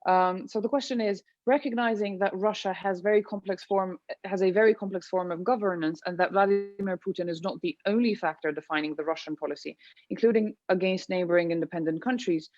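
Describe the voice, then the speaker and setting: A woman's voice: mid-range voice, brisk, a little mellow, no echo, muffled recording. A woman moderating an online panel discussion, reading out audience questions with a few restarts.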